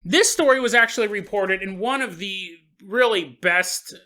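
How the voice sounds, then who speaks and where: A man's voice: sits high, normal speed. A man hosting a podcast who tells a strange story in a comic way. He laughs often and talks straight to the listener. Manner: animated, laughing, jokes to the listener. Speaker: podcast host. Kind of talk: comedic paranormal storytelling.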